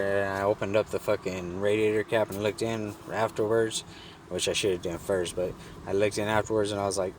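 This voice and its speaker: A man with a low voice spins a casual, animated story, swearing freely and acting out the people he met. He sits away from the mic, with faint background noise behind him. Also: fairly quick, recorded from a distance. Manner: animated, profane, acts out the people in his story. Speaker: vlogger telling a story.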